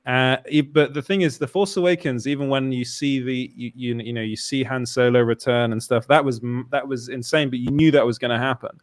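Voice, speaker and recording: A man hosting a casual film chat, relaxed and rambling with many restarts. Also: mid-range voice, a little fast, few pauses, no room sound. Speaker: interviewer, film site writer.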